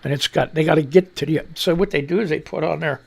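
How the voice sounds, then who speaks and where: A man's voice: a little high, quick pace, creaky, darkish tone. A man hosting a lunchtime radio talk show, reading news items and posts aloud and riffing on them in a loose, rambling, joking way. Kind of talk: rambling comedic news commentary.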